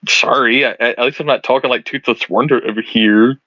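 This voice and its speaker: A man's voice: mid-range voice, steady tone, fairly quick, sharp tone, no echo, muffled recording. A man bantering and teasing on a casual live stream, stammering through restarts. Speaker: co-host guest.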